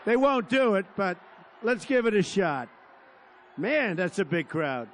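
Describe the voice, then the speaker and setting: A man's voice: high-pitched, sing-song, a little slow, a little hiss or hum. Boastful older man giving a rally speech. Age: 70s. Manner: boastful, digressive, repetitive, bursts into shouting. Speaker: politician at a rally. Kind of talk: rambling campaign rally speech. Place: large outdoor field rally.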